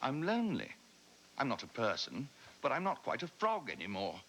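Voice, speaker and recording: A man's voice: medium pitch, wildly swooping pitch, moderate pace, a bit bright. An actor with a British accent playing a lonely, theatrical male frog who croons old songs, from a noisy taped TV broadcast. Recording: noisy VHS tape of a TV broadcast.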